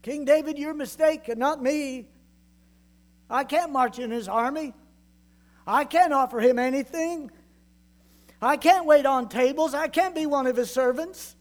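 A man's voice: extremely high pitch, measured pace, long pauses. A man voicing a frail, frightened crippled young man who stammers and pleads. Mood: pleading.

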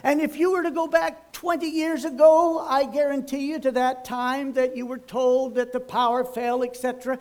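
Older preacher telling a folksy story in a sermon, really high voice. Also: male voice, little pitch movement, moderate pace, few pauses, a little mellow. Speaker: pastor.

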